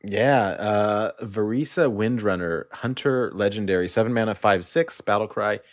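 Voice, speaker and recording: A man's voice: lowish voice, moderate pace, no room sound, clean studio sound. A man appearing as a podcast guest, chatting casually in a hesitant way with lots of fillers. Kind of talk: casual chat about a card game.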